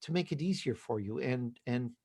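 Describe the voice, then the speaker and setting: A man's voice: medium pitch, expressive, normal speed, a little mellow. A man with a New York accent, chatting and joking as a podcast guest. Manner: chatty and jokey. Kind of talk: casual interview chat.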